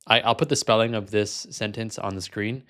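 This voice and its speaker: Casual low-voiced male vlogger. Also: fairly even intonation, brisk, a bit bright. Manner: casual, many fillers, self-correcting. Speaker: vlog host, language learner. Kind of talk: casual chat.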